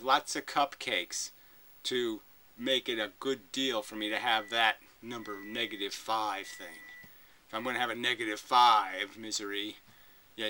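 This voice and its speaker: Bright-voiced profane male commentator. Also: medium pitch, rough recording. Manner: profane, emphatic and argumentative. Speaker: video commentator. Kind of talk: reaction commentary.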